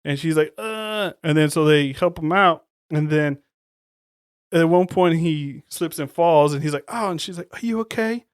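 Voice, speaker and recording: A man's voice: on the high side, moderate pace, clear, resonant tone, dry recording. Casual co-host, a man with a slightly raised voice, profane, acting out quotes, dry booth sound. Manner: profane, animated storytelling, acts out quotes. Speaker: podcast co-host. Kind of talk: casual chat.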